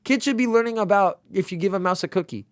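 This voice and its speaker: Excitable young man chatting on college radio. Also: high-pitched, fast talker, no room sound, studio quality. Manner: excitable, rambling, animated storytelling. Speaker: radio show co-host. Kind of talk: casual chat. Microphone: studio microphone.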